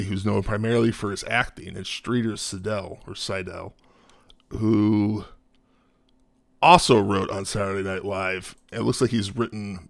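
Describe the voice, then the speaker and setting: A man co-hosting a casual movie review chat, measured and analytical, with some hesitations. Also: on the low side, creaky, no echo, clean studio sound. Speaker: podcast co-host.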